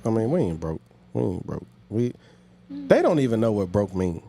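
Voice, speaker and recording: A podcast host talks in a relaxed, slangy manner, dropping quick reactions and reminiscing. His voice is fairly low and warm, and a faint hiss sits behind it. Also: gravelly. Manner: laid-back, slangy interjections. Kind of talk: casual podcast conversation.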